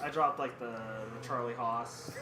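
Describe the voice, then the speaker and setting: A man chatting casually on a podcast, relaxed and swearing freely as he recalls a match. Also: medium pitch, unhurried, reverberant, very noisy. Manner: laid-back, swears casually. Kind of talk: casual chat.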